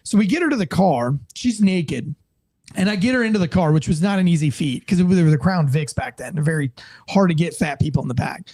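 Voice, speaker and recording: An American man and former police officer telling a story in a casual interview, animated and profane, acting out the people in it. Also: on the high side, brisk. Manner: animated, profane, acts out quoted voices.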